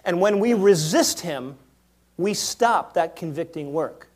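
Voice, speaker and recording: A man preaching a sermon in a church, moving between quiet asides and loud acted-out quotes. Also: sits high, animated, a little slow. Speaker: pastor.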